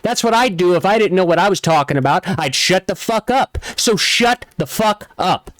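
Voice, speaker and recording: A man's voice: high voice, animated, normal speed, a bit bright. A man hosting a commentary show, delivering an angry, profane rant full of sarcastic mockery. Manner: heated, cursing, sarcastic mocking. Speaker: commentary channel host.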